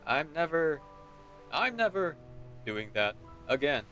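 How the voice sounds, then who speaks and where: A goofy male streamer plays through a story game, reading its dialogue aloud with playful voices. His voice sits high and swoops all over the place, with game music loud behind him. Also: big pitch swings, takes it slowly. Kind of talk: casual game commentary and dialogue read-aloud.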